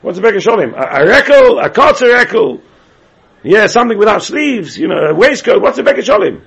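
A man leads a Talmud class with a gravelly, husky voice set a little high, chanting phrases in a sing-song lilt and firing the same question again and again at his students. His pitch swings widely as he talks. The recording sounds dull and lo-fi. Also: big pitch swings, brisk, a bit bright. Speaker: Talmud teacher.

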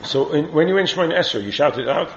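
A man's voice: fairly high pitch, animated, quick pace, creaky. A man teaching a Torah class, questioning his students and chanting the Hebrew texts he quotes. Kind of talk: lively classroom Talmud lesson. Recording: roomy, dull lo-fi class recording with faint hiss.

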